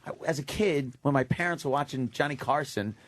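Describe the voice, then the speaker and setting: A man's voice: medium pitch, a little fast, slight background noise. A man hosting a radio talk show, talking loosely with a guest in a casual, profane way in a radio studio.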